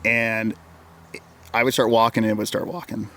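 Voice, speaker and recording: This Oregon wilderness guide has a lowish, fairly bright voice and speaks at a normal speed with a flat delivery. He's an interview guest casually telling a long story about an encounter, rambling and repeating words. He often quotes himself with "I'm like."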